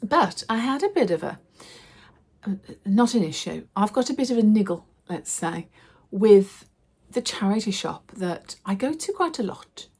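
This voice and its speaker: A middle-aged woman, chatting to camera in a casual vlog and telling stories with lively acted quotes. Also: medium pitch, a little slow, slightly rough. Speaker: lifestyle vlogger.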